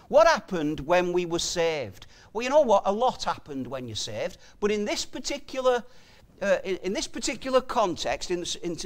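A man preaching a sermon in an earnest, emphatic way, quoting scripture as he goes. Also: sits high.

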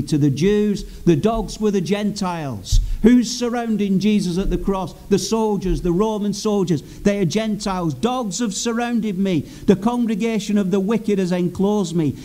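A man's voice: high-pitched, mellow. A man preaching a sermon in an earnest, emphatic way, repeating key phrases for weight.

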